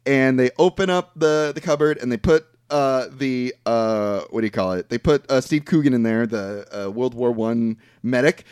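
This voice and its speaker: A man's voice: medium pitch, normal speed, few pauses, darkish tone, smooth, dry recording, clean studio sound. A man hosting a podcast who casually retells a movie plot, rambling with fillers and the odd swear word. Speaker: podcast host.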